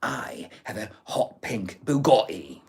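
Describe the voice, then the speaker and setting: A man's voice: lowish voice, sing-song, slow pace, creaky, darkish tone, husky, voice pushed down, heavily acted. A man doing an impression of a rich bald male influencer, putting on an exaggerated, odd accent that keeps slipping. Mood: mocking.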